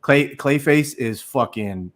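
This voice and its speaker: Man, stream panelist, rambling, swears, middle pitch, casual chat. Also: takes it slowly, fairly bright tone. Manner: rambling, profane, many fillers.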